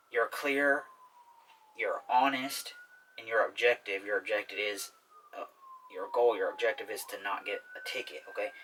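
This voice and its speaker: A man's voice: lowish voice, wildly swooping pitch, normal speed, sharp tone, recorded from a distance, a little hiss or hum, rough recording. A man hosting a self-help talk in a casual explainer style, often checking in with "okay?". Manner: repetitive, keeps asking "okay?". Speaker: self-help video host.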